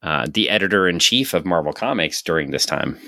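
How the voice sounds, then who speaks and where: Low-voiced guy with a bright sharp edge, sarcastic comic podcast host. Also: gravelly, no room sound, studio quality. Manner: sarcastic, excitable, quick to laugh. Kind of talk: casual comic book chat.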